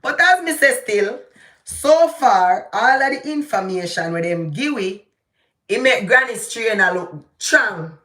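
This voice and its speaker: A woman's voice: a little high, a little slow. Fiery Jamaican woman ranting in an echoey room. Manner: animated, ranting, shifting into patois. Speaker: vlogger. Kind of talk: live political commentary.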